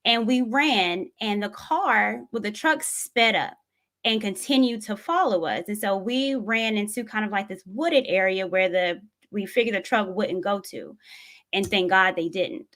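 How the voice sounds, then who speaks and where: A woman's voice: mid-range voice, a bit bright. Earnest woman telling a story. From Tennessee, USA. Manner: earnest, reflective, unhurried storytelling. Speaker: vlogger. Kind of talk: personal storytelling commentary.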